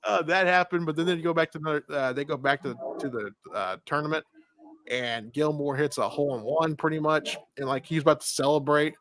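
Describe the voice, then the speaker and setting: A man's voice: on the high side, fairly even intonation, a little fast, fairly bright tone. A man co-hosting a casual movie review podcast, retelling the plot in a rambling way full of fillers. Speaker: podcast co-host.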